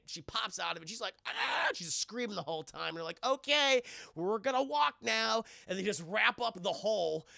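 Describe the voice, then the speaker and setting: A man with a bright, gravelly voice recaps a movie live for his chat, swearing freely and acting out the characters' lines. His voice sits high and his sound is dry and close. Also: no echo. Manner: profane, animated, acts out characters' lines. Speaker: streamer and film reviewer.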